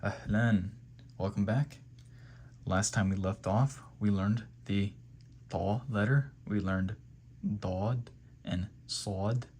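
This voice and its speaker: A man's voice: fairly low pitch, fairly even intonation, takes it slowly, a little mellow, a little hiss or hum. A man teaching Quran reading step by step, patiently repeating letter sounds and checking in with "okay?". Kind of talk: step-by-step pronunciation lesson.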